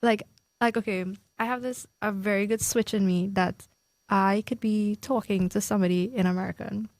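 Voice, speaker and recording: A woman's voice: mid-range voice, no room sound. A young woman from Trinidad with a Trinidadian accent, chatting casually as a podcast co-host and laughing often. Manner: chatty, laughs often, quick bursts when excited. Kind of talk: casual chat.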